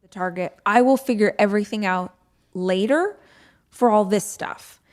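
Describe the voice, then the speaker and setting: A woman's voice: mid-range voice, normal speed. A woman hosting a podcast, telling a personal story in a breezy, chatty way and quoting herself and others. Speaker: podcast host.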